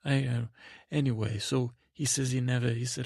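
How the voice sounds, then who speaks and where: A man improvising a rambling comic bedtime story, stammering and deadpan. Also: mid-range voice, moderate pace, vocal fry, no room sound. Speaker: podcast storyteller.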